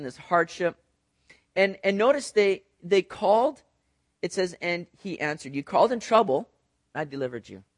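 A middle-aged man preaching a conversational sermon, animated, talking to the congregation with asides and acted-out quotes. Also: a little high, no room sound, studio quality. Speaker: pastor.

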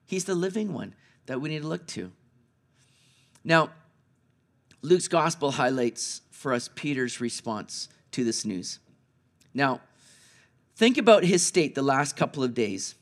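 A man pastor preaching an Easter sermon, moving between hushed, slow passages and raised, urgent ones. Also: mid-range voice, very animated.

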